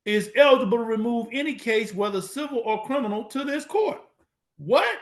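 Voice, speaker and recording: A man giving an emphatic lecture, repeating phrases for emphasis, with a casual, slangy, drawn-out delivery. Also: very high voice. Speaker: speaker presenting to an online audience. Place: at a computer, sharing his screen.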